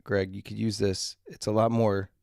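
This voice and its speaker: A man's voice: on the low side, flat delivery, normal speed, vocal fry, darkish tone, no echo. Male streamer, tired and crude, rambling morning chat, dry close mic. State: tired, clearing his throat. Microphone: desk mic.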